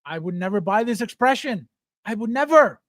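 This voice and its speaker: A man's voice: high voice, lively intonation, a little fast, fairly bright tone, no room sound, clean studio sound. A man hosting a livestream, ranting bluntly and with heavy profanity as he reads out and answers viewer chat. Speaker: livestream host. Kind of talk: casual livestream rant.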